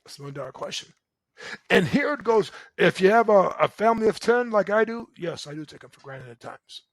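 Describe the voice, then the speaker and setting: A middle-aged man giving a motivational relationship talk as host, loud and emphatic, often checking in with "right?". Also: high voice, very animated, a little fast, dry recording, low-quality recording. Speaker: relationship coach and show host.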